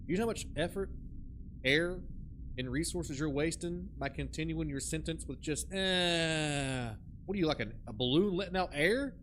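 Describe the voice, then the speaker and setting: A man with a slightly high voice streams a horror game at normal speed, with a little hiss or hum in the audio. Animated and jokey, he chats casually and tells stories, mimicking people along the way.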